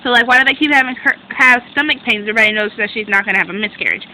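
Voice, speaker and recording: A young woman recapping a TV drama in a casual chat to her webcam at home, excitable and rambling, correcting herself as she goes. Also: fairly high pitch, rapid-fire, a little hiss or hum, low-quality recording. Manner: excitable, rambling, self-interrupting. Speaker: drama reviewer.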